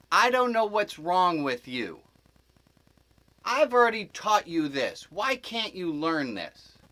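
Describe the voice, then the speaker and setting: A man's voice: fairly high pitch, a bit bright, low-quality recording. A man who is a rabbi, giving an informal spiritual teaching to a group as a rambling storyteller who corrects himself with asides.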